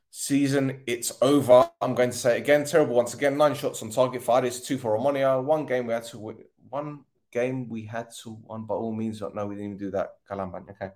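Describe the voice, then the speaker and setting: A man's voice: medium pitch, fairly even intonation, normal speed, a little mellow. A man hosting a football podcast, giving a tired, frustrated post-match rant with sarcasm and swearing.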